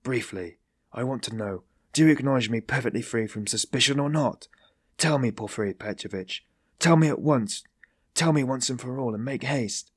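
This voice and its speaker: A man voicing a feverish, hostile young man who speaks in sharp, accusing outbursts. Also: medium pitch, normal speed, breathy edge, no echo, studio quality, close to an everyday voice. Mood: demanding.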